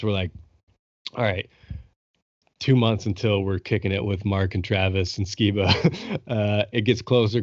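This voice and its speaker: Man, young adult, podcast host, low-ish voice, excited storyteller, swears a lot, dry close mic, muffled sound. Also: no echo. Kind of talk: casual chat.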